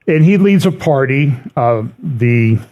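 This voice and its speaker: A middle-aged man speaks to his congregation in an easygoing, conversational way, reading quotations aloud and adding wry asides. His voice sits at an ordinary middle pitch. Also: expressive, takes it slowly, a little mellow, lo-fi sound. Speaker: prophecy teacher at a church. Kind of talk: church prophecy update talk.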